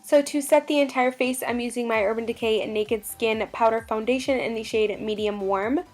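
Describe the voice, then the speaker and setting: A woman's voice: on the high side, steady tone, normal speed, soft background music. A young woman narrating a makeup tutorial, gushing about products in a bubbly, chatty way. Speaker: beauty vlogger.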